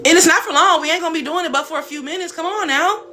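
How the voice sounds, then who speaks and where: A woman's voice: very high-pitched, rapid-fire, pushed and bright, faint music behind. A woman hosting a live stream as a spiritual coach, talking casually and bluntly with some cursing. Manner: blunt, chatty, swears casually.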